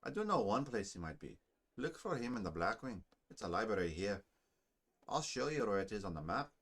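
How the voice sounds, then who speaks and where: A man putting on a gruff Scottish-accented dwarf. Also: lowish voice, sing-song, a little fast. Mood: wistful. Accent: put-on Scottish. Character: gruff grim male dwarf soldier, bitter outcast.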